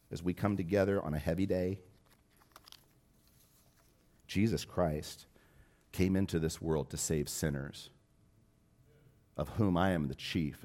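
A man preaching a sermon as pastor, telling a personal story and rising from hushed, tender moments to loud, impassioned appeals. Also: rumbling low.

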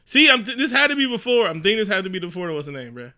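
A man from New York talks through a movie in loose, profane banter, often putting on mocking voices. His voice sits a touch high with a bright, forceful edge. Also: very fast. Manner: profane, animated riffing with mocking quoted voices. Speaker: podcast co-host. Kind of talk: casual movie recap chat.

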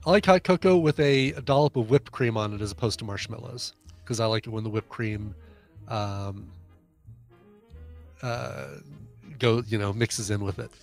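A man's voice: medium pitch, normal speed, gravelly, long pauses, faint music behind. A man co-hosting a podcast in casual chat, stuffy and congested, rambling with fillers. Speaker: podcast co-host.

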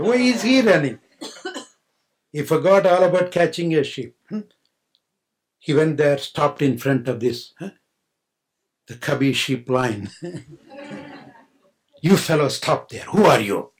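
Slow, playful older man telling a parable. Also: on the high side. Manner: playful, laughing, acts out voices in the story. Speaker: spiritual teacher. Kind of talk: storytelling sermon.

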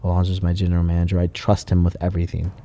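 Man, lowish voice, swears a lot, laid-back shop talk, storyteller. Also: monotone, racing, warm tone, slight background noise. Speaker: car builder and shop owner. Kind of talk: casual podcast chat.

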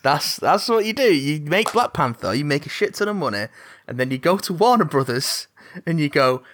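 Podcast cohost, deadpan jokes, voice bounces around a lot in pitch. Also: normal speed, no room sound. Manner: dry deadpan quips, short backchannel replies. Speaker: podcast co-host. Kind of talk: casual podcast chat.

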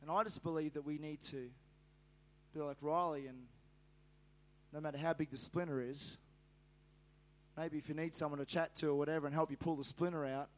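A high-pitched man in middle age delivers a sermon through a personal anecdote. He wanders and restarts, full of ums and uhs, chatty rather than polished. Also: steady tone, fairly quick, pauses often. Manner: rambling, anecdotal, many fillers and restarts. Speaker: pastor.

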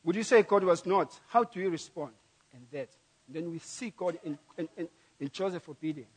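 High-voiced man preaching a sermon. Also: moderate pace, breathy edge. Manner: emphatic, repeats key phrases, swings from loud to soft.

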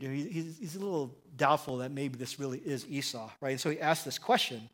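A man's voice: fairly high pitch, fast talker, few pauses, a bit bright. A middle-aged male pastor giving a sermon in a conversational, storytelling way, often checking in with "right?" and chuckling.

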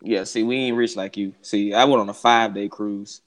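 A man's voice: on the low side, fairly even intonation, brisk. A man co-hosting a podcast in slangy casual banter, joking and laughing a lot. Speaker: podcast co-host.

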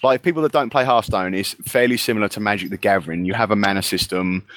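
A man co-hosting a casual gaming podcast, swearing freely and laughing through animated banter. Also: on the low side, fast talker. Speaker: podcast co-host.

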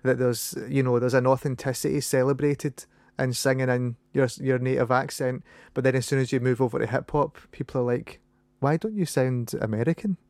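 A Scottish man in his thirties hosting a casual conversation, talking in halting phrases with many restarts. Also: medium pitch, level tone, creaky, a little mellow, dry recording. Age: 30s.

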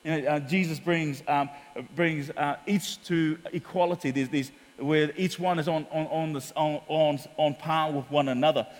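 Man, New Zealand accent, pastor, sermon, animated storyteller, slightly higher voice, reverberant church hall. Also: normal speed, few pauses. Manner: animated storytelling, acts out quotes.

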